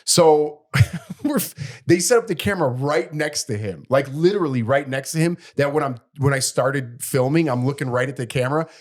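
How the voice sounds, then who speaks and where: A man's voice: medium pitch, normal speed. A middle-aged man, a podcast co-host, telling a story in casual chat and acting out the people in it. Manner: animated storyteller, acts out quoted people.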